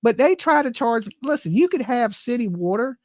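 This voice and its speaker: A woman's voice: fairly high pitch, expressive, normal speed, dry recording. A woman ranting in casual chat, profane and exasperated, rambling with frequent restarts. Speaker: livestream host. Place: home.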